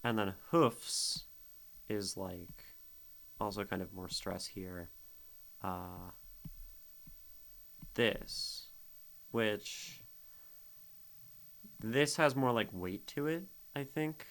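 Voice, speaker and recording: A man with a fairly low voice picks apart a poem in an easygoing livestream chat. He talks slowly and thinks out loud, tapping out the beats and trying the sounds of single syllables. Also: rough recording. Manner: musing, thinks aloud, sounds out rhythms and syllables. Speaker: streamer critiquing poetry. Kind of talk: casual livestream poetry analysis.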